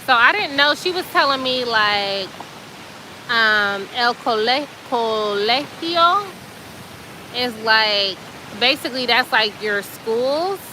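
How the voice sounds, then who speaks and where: Brief: woman host, high-pitched and colloquial, animated storytelling with fillers. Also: slow, background noise. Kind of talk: casual chatty storytelling.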